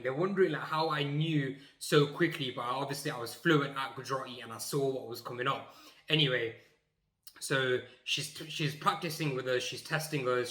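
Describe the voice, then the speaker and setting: Young man, comic storytelling, bright voice, echoey room. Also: mid-range voice. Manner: animated, acts out scenes, emphatic. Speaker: YouTuber.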